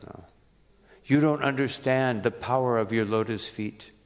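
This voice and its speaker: A male preacher speaking as an earnest, devoted queen who pleads her case slowly. The voice stays gravelly and creaky and rings with a long reverb through a temple hall. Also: medium pitch, natural voice.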